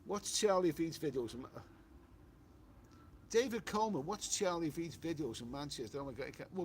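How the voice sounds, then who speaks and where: A man's voice: on the high side, expressive, normal speed, slight background noise. Rambling Liverpool man on a live stream. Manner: rambling, frequent restarts and "you know" fillers. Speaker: travel vlogger hosting a live stream. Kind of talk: casual live-stream chat, reading comments aloud.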